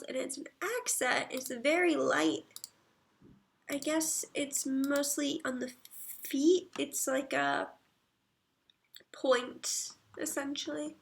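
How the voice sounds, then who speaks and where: Female streamer, high voice with vocal fry, unhurried casual chat, reads comments aloud. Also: slight background noise. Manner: reads viewer comments aloud and murmurs soft asides. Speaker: livestreamer.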